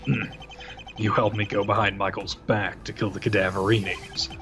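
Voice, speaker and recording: A man's voice: lowish voice, level tone, moderate pace, noisy background, lightly acted. A man reading a vengeful male mafia don with a blunt, tough-guy delivery.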